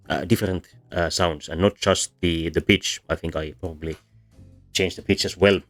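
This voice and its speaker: A man presenting a livestreamed linguistics lecture, explaining patiently with frequent ums and uhs and demonstrating vowel sounds. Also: sits low.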